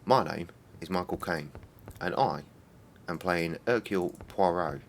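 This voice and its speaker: A man putting on a slow, formal impression of an older male London film actor. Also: deep voice, slight background noise, voice pushed down. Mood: deadpan.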